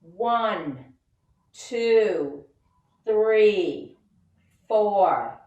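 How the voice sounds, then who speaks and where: A woman's voice: mid-range voice, lively intonation, drawn-out words, a little mellow, highs cut off. A woman leading a children's yoga and mindfulness lesson, giving upbeat, encouraging step-by-step instructions. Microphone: camera set back from her. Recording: roomy sound from a distant mic.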